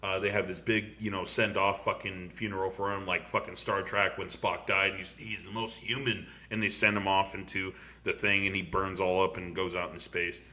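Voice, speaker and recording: A young man hosting a casual podcast, excitably talking over a film, swearing a lot and laughing often. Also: low voice, fairly quick, few pauses. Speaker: podcast host. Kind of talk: casual movie review chat.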